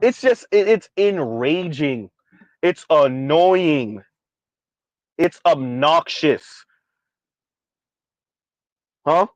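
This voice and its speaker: A man's voice: on the high side, animated, extremely slow, long pauses, no echo, muffled recording. A man ranting in a sardonic, exasperated commentary vlog, hammering his points by repeating them. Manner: sardonic, exasperated, repetitive emphasis. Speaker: commentary vlogger.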